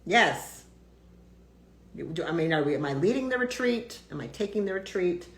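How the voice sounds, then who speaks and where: A woman's voice: fairly low pitch, animated, brisk, roomy sound. A woman doctor ranting bluntly on a casual live stream, swearing freely and talking with lots of fillers and restarts.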